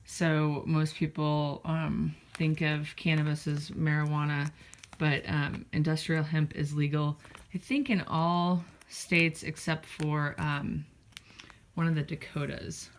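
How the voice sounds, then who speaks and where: Woman rambling to her cats on a home vlog, slightly low voice, kinda breathless. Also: level tone, takes it slowly, a little hiss or hum. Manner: chatty, rambling with many fillers. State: a little out of breath. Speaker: cat blog host. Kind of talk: casual vlog talking to her cats and viewers. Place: indoors at home.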